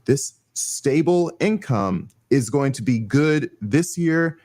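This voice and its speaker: A man co-hosting a casual chat, explaining his points in a measured way with some fillers. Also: mid-range voice, lively intonation, darkish tone.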